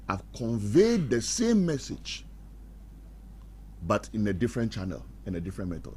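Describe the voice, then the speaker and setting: A man's voice: on the low side, moderate pace, pauses often, breathy edge. A middle-aged man giving marriage advice like a preacher on a radio talk show, acting out quarrels and laughing at his own jokes. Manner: animated, acts out quarrels in put-on voices, laughs at own jokes. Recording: faint background noise.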